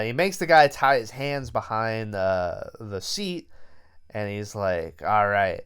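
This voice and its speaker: Smooth-voiced man recapping a movie. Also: lowish voice. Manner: loose, profane storytelling. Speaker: podcast host. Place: lying on his bed at home.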